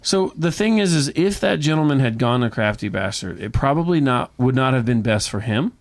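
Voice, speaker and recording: A man's voice: mid-range voice, expressive, brisk. A man who owns a brewery tour company, telling stories in a casual podcast chat with enthusiasm, often repeating words as he starts a thought. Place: Knoxville.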